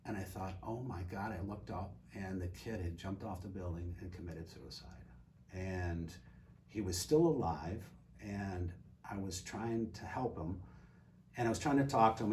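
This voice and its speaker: Low-voiced retired man telling a story. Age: older. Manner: animated storyteller, acts out quoted dialogue. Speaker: guest. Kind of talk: casual storytelling. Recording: distant mic with faint ambient noise.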